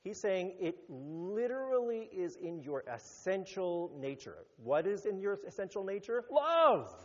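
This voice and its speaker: A rabbi giving a sermon, animated, rising to emphatic peaks and then dropping low. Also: male voice, a little slow. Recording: muffled sound with long hall reverb.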